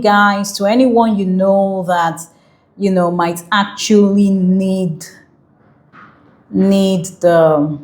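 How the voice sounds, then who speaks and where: A woman's voice: mid-range voice, roomy sound. A woman teaching an exam-prep English lesson, repeating key points and checking in with "okay?".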